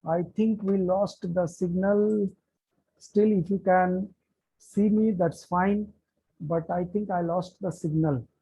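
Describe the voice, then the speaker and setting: A man with an Indian accent teaching a live online class. He talks deliberately, repeats key terms and checks whether students can hear him. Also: sits high, fairly even intonation, warm tone, breathy edge, poor audio. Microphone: computer mic on an online call.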